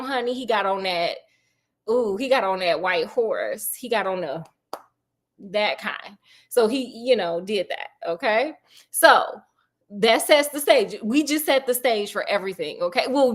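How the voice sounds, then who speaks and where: Woman, casual storyteller, sassy asides, slightly high voice. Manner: sassy, chatty, slang-heavy asides. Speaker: storyteller host.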